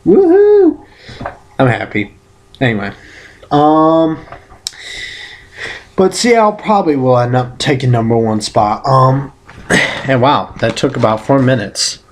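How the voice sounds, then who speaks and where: A man's voice: mid-range voice, unhurried, pauses often. A man in a casual solo vlog giving sports predictions, rambling and correcting himself with playful exclamations. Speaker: vlogger giving football predictions.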